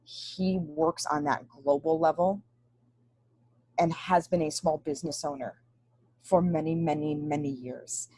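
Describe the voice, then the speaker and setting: Earnest webinar host, woman with a deep dry voice, emphatic delivery on a video call. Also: steady tone, unhurried, a little mellow, slightly rough, no echo, rough recording. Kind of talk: webinar introduction.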